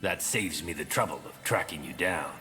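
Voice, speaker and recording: A man's voice: low-pitched, lively intonation, moderate pace, pushed and bright, faint music behind. A man voicing a bitter, cruel male orc butcher in a video game, speaking in a menacing, sneering way.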